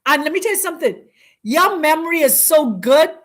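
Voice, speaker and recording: A woman hosting a spiritual teaching talk, speaking in an emphatic, preacherly way with repeated, drawn-out phrases. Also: high-pitched, expressive. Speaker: host.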